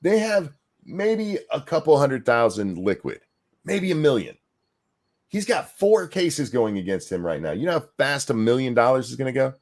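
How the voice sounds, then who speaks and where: A man's voice: medium pitch, very animated, moderate pace, a little mellow. A man co-hosting a casual political chat stream, ranting with profanity and sarcasm and reading chat comments aloud. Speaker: co-host.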